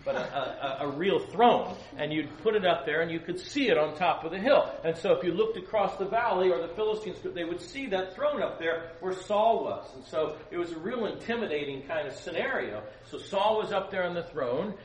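A man preaching a sermon, telling a story with animated delivery and acting out the voices in it. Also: sits high, brisk, hardly any pauses. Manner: animated, acts out voices in his stories. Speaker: pastor leading a Bible study. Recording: roomy, distant mic with faint ambience.

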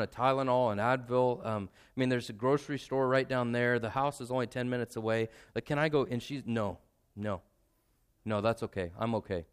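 A young adult man, a pastor, giving a sermon in a conversational, self-deprecating way and slowing down to stress key points. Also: mid-range voice, smooth.

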